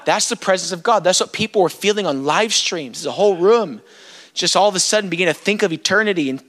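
A man preaching an impassioned sermon, breaking into sudden shouts. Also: sits high, fast talker. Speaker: pastor.

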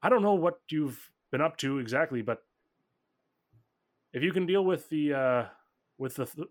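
A man voicing a loving middle-aged mother who speaks in halting, emotional bursts. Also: mid-range voice, natural voice.

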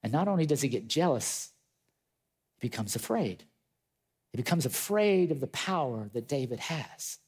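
Male pastor, storytelling sermon, mid-pitched, acts out voices, casual asides. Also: moderate pace, pauses often, breathy edge. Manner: animated storytelling, acting out quoted voices; chatty asides to the congregation.

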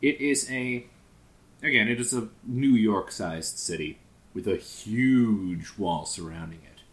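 Low-pitched guy game-mastering, chill, swears a lot, laughs along with his players. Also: slow. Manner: casual, laughing, swears freely. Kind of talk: narrating a tabletop game.

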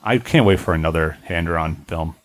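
A man's voice: low voice, moderate pace. A man co-hosting a casual podcast, laid-back and swearing casually. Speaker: podcast co-host. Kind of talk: casual chat.

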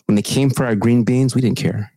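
Profane, animated man chatting. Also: medium pitch, a little fast, no echo. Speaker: podcast co-host. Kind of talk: casual chat.

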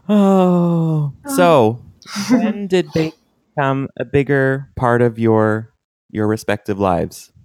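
A podcast co-host, emotional and slow-spoken, asking the guest mothers questions. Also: medium pitch, animated, a little mellow, no echo, clean studio sound. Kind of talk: casual interview.

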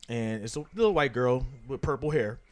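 A man telling a profane, animated story to friends, acting out the voices of people in it. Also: medium pitch, a little fast. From Philadelphia. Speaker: storyteller guest. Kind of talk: casual storytelling among friends.

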